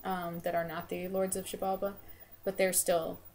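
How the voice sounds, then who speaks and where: A woman's voice: lowish voice, flat delivery, normal speed, a little mellow, slight background noise. A woman vlogger retelling a story in a chatty, casual way, with lots of fillers and "they're like.". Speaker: vlogger and game developer.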